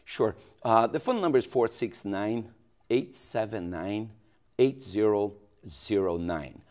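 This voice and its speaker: A male pastor with a Brazilian Portuguese accent talks in a very low, deep voice. He speaks haltingly in a local TV interview, restarting phrases and filling gaps with "uh". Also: expressive, a little mellow. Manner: hesitant, many restarts and fillers.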